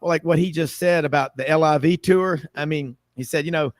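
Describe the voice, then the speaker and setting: A man hosts a sports talk show, his voice a touch high and the sound dry and close. He talks in a chatty, rambling way and laughs easily. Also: a little fast, no echo.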